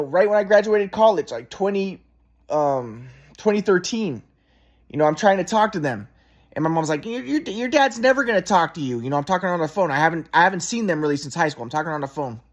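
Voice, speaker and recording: A man in his thirties in a rambling, repetitive casual monologue, agitated and swearing. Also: high-pitched.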